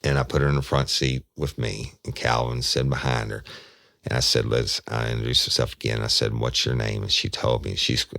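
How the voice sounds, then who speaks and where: A man's voice: extremely low pitch, flat delivery, a little fast, vocal fry, sharp tone, no echo, studio quality. A man, a retired detective hosting a podcast, telling a true crime story in an earnest, folksy way. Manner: folksy, earnest, speaks straight to listeners.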